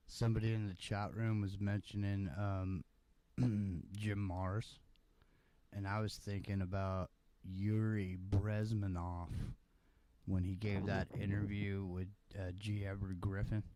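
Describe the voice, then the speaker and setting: A man's voice: lowish voice, level tone, measured pace, mellow. A man chatting casually as a podcast co-host, laid-back and slangy. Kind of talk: casual chat.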